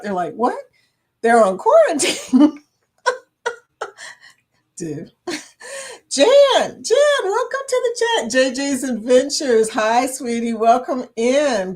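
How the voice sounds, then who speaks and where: A woman hosts a relaxed live chat, greeting viewers by name and laughing often. Her voice sits at a medium pitch. She keeps a friendly, chatty flow. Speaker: livestream chat host. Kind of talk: casual live-stream chat.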